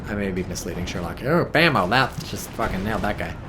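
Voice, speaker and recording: A man giving casual, excitable commentary on a strategy game, swearing and reading chat aloud. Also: lowish voice, quick pace, background noise. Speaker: game caster.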